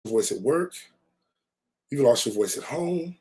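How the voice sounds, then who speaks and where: A man's voice: mid-range voice, lively intonation, measured pace, darkish tone. A middle-aged man, a life coach telling a personal story in a folksy, earnest way, his voice weak and strained. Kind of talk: personal vlog talk.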